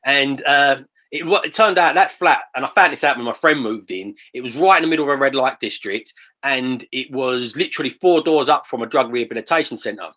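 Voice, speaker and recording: A man talks in a chatty, animated way, telling stories as a guest on an interview show. His voice is bright and forceful, mid-pitched for a man. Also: a little fast. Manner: chatty, animated, acts out quoted phone calls. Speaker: property investor guest. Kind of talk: casual interview storytelling.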